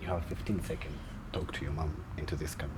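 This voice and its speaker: A man asking interview questions in a halting, hesitant way with many fillers. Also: very deep voice, fairly even intonation, noisy background.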